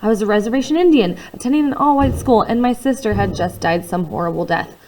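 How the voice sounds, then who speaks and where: A woman reading a first-person novel aloud in an expressive way, swinging between hushed and loud passages. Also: mid-range voice, quick pace, slight background noise, rough recording. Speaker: audiobook reader.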